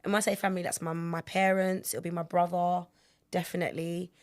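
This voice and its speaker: A woman's voice: fairly low pitch, flat delivery, fairly quick, a crowd in the background. A woman co-hosting a casual podcast chat, playful and teasing.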